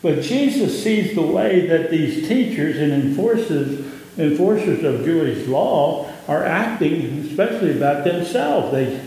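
A man with a Southern US accent, a pastor giving an impassioned sermon that rises in pitch on key points. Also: animated, unhurried, dark tone. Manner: impassioned preaching, rising in pitch on emphasis. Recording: echoey hall with long reverb.

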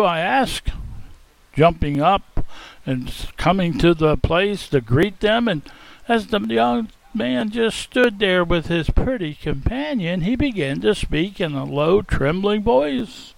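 A man's voice: fairly high pitch, takes it slowly, creaky, no room sound, low-quality recording. A man performing a folksy first-person dramatic monologue, theatrical in manner. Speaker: storyteller in character.

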